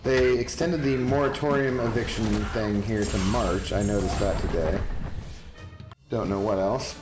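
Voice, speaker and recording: A male game streamer rambles through casual chat with his viewers and answers them one by one by name. His voice sits in a roomy, echoing space. Music plays clearly underneath. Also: fairly low pitch, measured pace.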